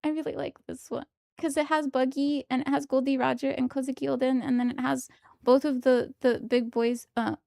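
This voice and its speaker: A young woman streaming from home, chatting casually and giggling excitedly as she opens trading cards. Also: high-pitched, creaky, dry recording, studio quality. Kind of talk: casual live-stream chat while opening trading cards.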